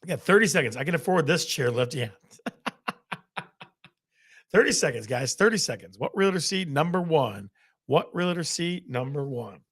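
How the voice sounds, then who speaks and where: A man's voice: on the high side, big pitch swings, normal speed, long pauses, a bit bright, slightly rough. A man hosting a live quiz with game-show countdowns, laughing often at his own jokes. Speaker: host.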